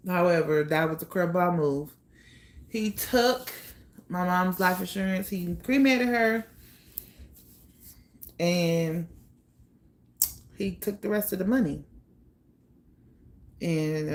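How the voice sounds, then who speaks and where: A young woman recounts her own life in a candid, blunt monologue, often stopping on fillers. Her voice sits a little low and carries a gravelly fry. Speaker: storyteller. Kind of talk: personal storytelling monologue.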